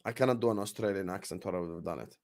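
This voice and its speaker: A young man hosting a live football watchalong, chatting with viewers and calling the play with slangy, excitable banter. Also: low voice, rapid-fire. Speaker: watchalong streamer.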